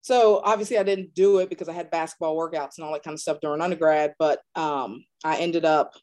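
A woman in her thirties from North Carolina, a strength and conditioning coach, casually telling stories in an interview and acting out the people she quotes. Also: fairly quick. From North Carolina, USA. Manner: animated, acts out quoted dialogue with big pitch jumps.

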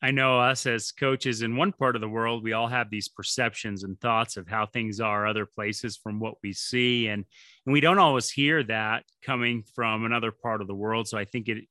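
Podcast host: thoughtful man, tense bright tone, dry sound. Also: fairly low pitch, steady tone, moderate pace, dry recording. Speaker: podcast host, strength coach. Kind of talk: casual podcast conversation.

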